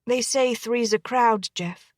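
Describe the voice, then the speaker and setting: A woman's voice: on the high side, takes it slowly, no echo, studio quality, voice pushed up. A woman reading the lines of a playful, affectionate young English wife in a light, teasing way.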